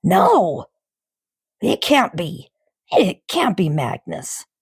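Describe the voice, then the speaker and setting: A woman voicing a bullying giant headmistress who barks insults slowly and with heavy emphasis. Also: fairly low pitch, very animated, creaky, slightly rough, dry recording, clean studio sound, heavily acted. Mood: shaken. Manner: barking insults, slow and emphatic.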